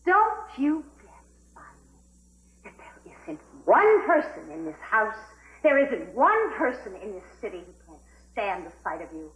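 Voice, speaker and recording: A woman's voice: on the high side, huge pitch swings, measured pace, pauses often, noisy background. An actress playing a proud, cold woman in a 1980s TV soap, icy and cutting. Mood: contemptuous.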